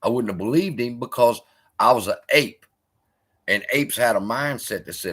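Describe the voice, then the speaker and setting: A man's voice: mid-range voice, moderate pace, slightly rough. A man hosting a live stream, chatting casually and swearing often as he answers viewers. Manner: profane, animated, heckling chat. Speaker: host.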